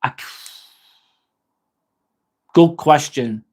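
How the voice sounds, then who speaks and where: A man's voice: fairly high pitch, drawn-out words, a little mellow, slightly rough. A man, chatting bluntly and casually with viewers on a livestream, full of "um" and "mate". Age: 40s. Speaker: livestream host and nurse.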